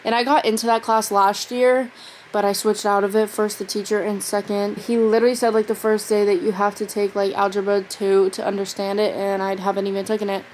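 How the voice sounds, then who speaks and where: A woman's voice: mid-range voice, flat delivery, a little fast, darkish tone, a little hiss or hum, rough recording. Tired teenage girl rambling on a phone vlog. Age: teens. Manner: rambling, tired, filler-heavy talk. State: exhausted. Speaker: vlogger. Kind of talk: casual vlog chat. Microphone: phone camera.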